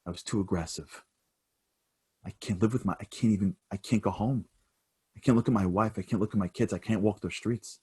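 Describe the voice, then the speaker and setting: A man giving a motivational keynote, telling a dramatic story that swings from hushed to loud. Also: fairly low pitch, a little fast, husky. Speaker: motivational speaker.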